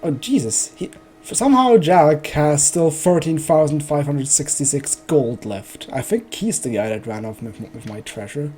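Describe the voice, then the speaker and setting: A man's voice: fairly high pitch, expressive, moderate pace, hardly any pauses, a little mellow, slightly rough, soft background music. A man streaming a video game, joking and thinking aloud as he plays. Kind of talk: casual let's play commentary.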